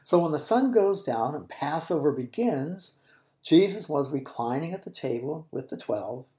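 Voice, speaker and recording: A man hosting a Bible teaching podcast, explaining scripture in an unhurried, thoughtful way and dropping to a whisper for quoted lines. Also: a little high, lively intonation, mellow, echoey room.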